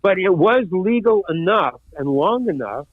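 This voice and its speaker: An older male actor tells a story as a podcast guest, acting out everyone's lines in it. His voice runs a touch higher than most men's. It comes through a dry, tinny line that sounds like a phone. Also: measured pace, no echo. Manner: animated storyteller who acts out other people's lines. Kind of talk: anecdote in a podcast interview.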